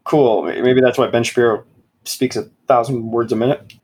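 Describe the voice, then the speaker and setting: A man chats loosely on a podcast, reading lines from a book with sarcastic, put-on drama. His voice is husky and a bit breathy. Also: medium pitch, fairly even intonation, moderate pace, darkish tone. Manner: sarcastic, reads passages aloud with mock dramatic voices. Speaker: podcast co-host. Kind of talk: casual mocking book review chat.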